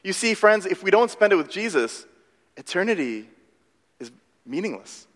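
A man preaching a sermon as pastor, telling stories in an animated, self-deprecating way. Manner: animated, self-deprecating storytelling with quick shifts in pitch. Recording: long hall reverb.

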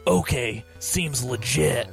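A man's voice: medium pitch, expressive, slow pace, gravelly, music in the background. A man voicing a hapless male soldier with a broken back, whimpering and pleading in broken English. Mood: resigned.

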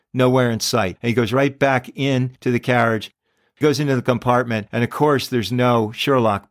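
A man hosting a podcast, retelling a story in a relaxed conversational way with small restarts. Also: medium pitch, no room sound, clean studio sound. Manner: conversational, with frequent restarts and fillers. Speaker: podcast host.

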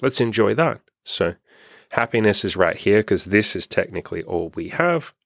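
Young man, life coach, low gravelly voice, frank and profane, casual monologue, dry close sound. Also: animated, moderate pace, a bit bright, no echo.

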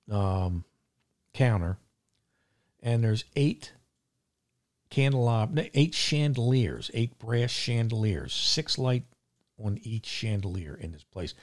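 A man hosting his own podcast, telling a grievance story in a gruff, indignant way with lots of fillers. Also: on the low side, a little mellow. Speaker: podcast host. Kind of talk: casual monologue. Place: seaside town home.

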